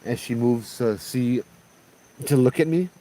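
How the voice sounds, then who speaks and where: A man, working as a ghost tour guide and telling a ghost story in a relaxed, conversational way. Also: medium pitch, a little slow, poor audio. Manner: relaxed, conversational, often asks "right?" and "you know?". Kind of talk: casual spoken ghost story.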